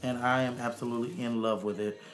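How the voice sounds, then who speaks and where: A man's voice: mid-range voice, flat delivery, fast talker, faint music behind. A man, a makeup artist giving a sassy, chatty casual makeup tutorial. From Arkansas, USA. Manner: sassy and chatty, calls viewers honey and child.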